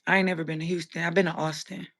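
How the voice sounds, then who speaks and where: Hosting a livestream, a woman with a lowish, fairly bright voice answers viewers' comments in a rapid-fire, flat delivery. She's blunt, opinionated and casual, talking straight to chat.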